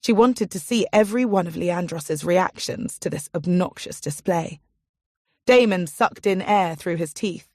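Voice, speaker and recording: A woman narrating a fantasy audiobook in a measured storytelling manner. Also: lowish voice, animated, a little mellow, dry recording, clean studio sound. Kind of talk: scripted narration.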